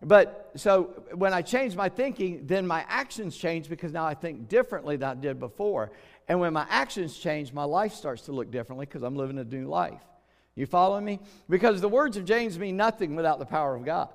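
A man's voice: on the high side, lively intonation. Folksy preacher man in a reverberant hall. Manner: folksy, chatty, with jokes and quick asides. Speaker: pastor. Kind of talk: sermon.

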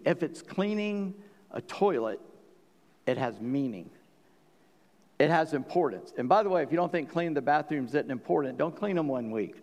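A man preaching a sermon as pastor, folksy and joking, with bursts of animated storytelling. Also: fairly high pitch, in a large hall. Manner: folksy, joking, animated when quoting scripture.

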